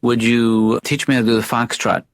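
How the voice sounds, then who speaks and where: An actor playing a mild middle-aged male therapist in an animated sitcom, with a soft deadpan delivery. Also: medium pitch, moderate pace, no room sound, studio quality, lightly acted. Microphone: dry studio mic.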